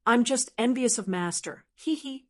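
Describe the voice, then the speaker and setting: A cheeky young male disciple in an audiobook, teasing and giggling, as a woman plays him. He pitches up high when he sounds innocent. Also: lively intonation, normal speed.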